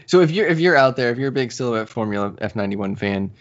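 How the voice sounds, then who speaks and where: Male podcast co-host, casual and animated, voices characters while retelling; dull lo-fi recording. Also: medium pitch, quick pace. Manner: animated storytelling, acts out characters' lines. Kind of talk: casual chat recapping a manga. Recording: slightly dull lo-fi audio.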